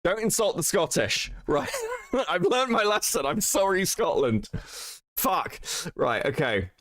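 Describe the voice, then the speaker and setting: A man hosting a live commentary stream, his voice slightly high and swinging widely in pitch. He swears freely and laughs often. The sound is close and dry, with no room around it. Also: sing-song, measured pace, fairly bright tone, no echo. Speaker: streamer host.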